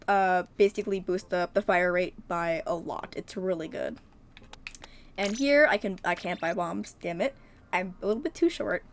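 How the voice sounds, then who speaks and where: A woman's voice: mid-range voice, slight background noise. A woman streamer giving casual, upbeat gameplay commentary, chatty and full of ums.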